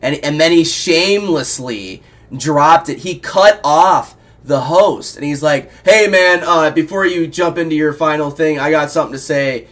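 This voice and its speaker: A man from Iowa hosting a casual interview show, rambling excitedly and swearing a lot. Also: fairly high pitch, moderate pace. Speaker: show host. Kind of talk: casual profane chat.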